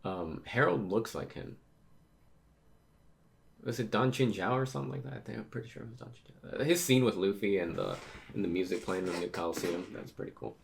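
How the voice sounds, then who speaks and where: A man with a deep, gravelly voice reads a comic chapter aloud in a loose, casual way. He reacts to the action and trips over words as he goes. His tone stays low, with a rough fry on the ends of his phrases. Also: expressive, fairly quick, a little hiss or hum. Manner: reactive, stumbles over words while reading. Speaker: host reading manga aloud. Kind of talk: casual manga read-through with commentary.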